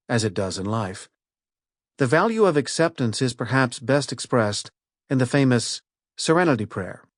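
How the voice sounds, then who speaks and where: Male narrator, middle pitch, steady and clear for nonfiction; dry booth, close mic. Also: no room sound. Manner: measured, clear reading of lists and points. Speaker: audiobook narrator.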